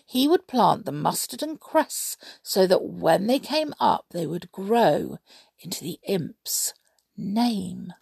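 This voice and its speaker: A woman reading a children's story aloud in an expressive, dramatic way, with gasps and whispers. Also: on the low side, gravelly, breathy edge, no echo, studio quality.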